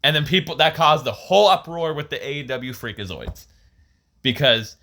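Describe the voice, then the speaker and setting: A man co-hosting a podcast in a casual chat, eagerly telling stories. His voice is bright and forceful, and he laughs often between his points. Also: a little high, expressive, moderate pace. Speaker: podcast co-host.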